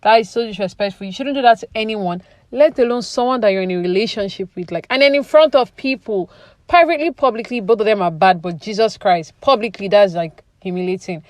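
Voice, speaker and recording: A woman's voice: mid-range voice, brisk, dry recording. A woman talks through the latest reality TV drama in a loose, chatty way, sprinkling her lines with fillers. Her voice sits in a middle register. It is recorded close and dry. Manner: chatty, opinionated, many fillers like "you know". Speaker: reality TV commentary vlogger. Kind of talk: casual recap commentary.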